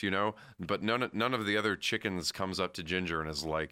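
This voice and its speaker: A man's voice: low-pitched, fairly even intonation, brisk, few pauses, bright, forceful tone, clean tone, dry recording. A man co-hosting a podcast, discussing a film in casual chat, thoughtful and hedging. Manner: thoughtful, hedging, acts out quotes. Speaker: podcast co-host.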